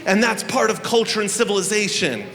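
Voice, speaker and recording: A man with a high, sharply bright voice hosts a live show on a handheld microphone, talking to the crowd in a playful, swearing, theatrical way. His voice rings through a large, echoey hall with a long tail, over a faint hum of room ambience. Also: animated, brisk, vocal fry. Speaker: stage host opening a live festival. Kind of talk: live stage address to an audience.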